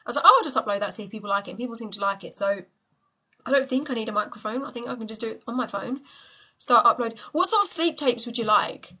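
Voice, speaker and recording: A woman's voice: a little high, quick pace, sharp tone, breathy edge, poor audio. A woman talking casually on a live stream as a manifestation coach, chatty and affectionate as she answers viewers' comments.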